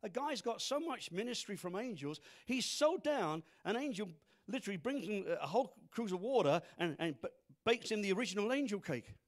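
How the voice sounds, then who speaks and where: A man preaching a sermon, acting out scripture figures with humor and animated emphasis. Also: high-pitched, fairly quick. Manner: animated, acts out Bible characters, laughs at own jokes. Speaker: pastor.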